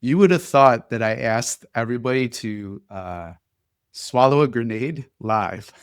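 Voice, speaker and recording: A man's voice: mid-range voice, unhurried, clear, resonant tone, no room sound. Man hosting a dry, close interview. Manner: lively, laughs often while telling stories. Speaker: podcast host. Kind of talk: casual conversational interview.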